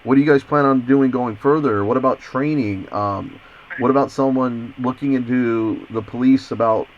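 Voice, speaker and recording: A man's voice: mid-range voice, moderate pace, slight background noise. A man working as an investigative journalist, talking insistently on a recorded phone call and often stammering and repeating his words. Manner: insistent, persistent.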